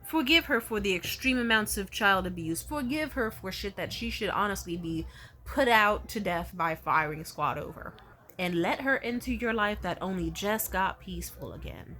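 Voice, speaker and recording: A young woman rants straight to her followers in a casual vlog, swearing constantly and sounding thoroughly exasperated. Her voice sits at an ordinary middle pitch for a woman. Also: lively intonation, normal speed, bright, forceful tone. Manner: profane, exasperated ranting. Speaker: content creator.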